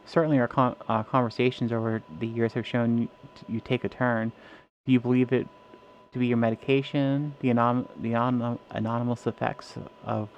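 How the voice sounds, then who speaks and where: Guy reading as a formal calm doctor asking questions, gravelly, muffled. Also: medium pitch, fairly quick, a little hiss or hum, close to an everyday voice. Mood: probing. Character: measured male facility doctor, calm, probing.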